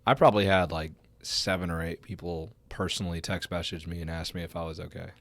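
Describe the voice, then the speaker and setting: A man's voice: sits low, steady tone, quick pace, fairly bright tone, no room sound. A man guesting on a podcast, chatting casually in a laid-back, slangy way. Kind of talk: casual chat.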